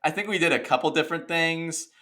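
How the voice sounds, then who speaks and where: A young man co-hosting a podcast, telling a story in a casual, animated rant and saying "dude" and "okay" a lot. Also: on the high side, fast talker. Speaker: podcast co-host. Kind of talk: casual chat.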